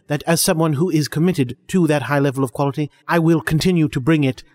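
Brief: man, slightly high voice, pompous mock-lecturer, long echoing reverb. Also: fast, darkish tone. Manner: grandiose, self-important, long-winded. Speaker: comedy podcast co-host. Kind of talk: mock-pompous comic monologue.

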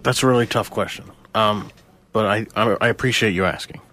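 A man's voice: lowish voice, fairly quick, pushed and bright. A man as a guest on a radio show, stammering and rambling through his answers. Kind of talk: hesitant comedic interview.

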